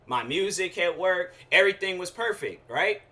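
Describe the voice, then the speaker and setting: Young man, bright forceful voice, fairly high pitch, casual slangy rant, show host. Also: normal speed. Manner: casual slangy rant, animated quoted asides.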